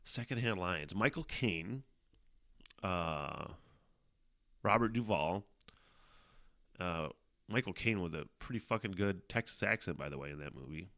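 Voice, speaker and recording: Man on a bright, profane rambling podcast. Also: low-pitched, animated, a little slow, long pauses, no echo, clean studio sound. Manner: rambling and profane, with frequent fillers and laughs. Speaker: podcast host. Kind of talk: casual solo podcast monologue.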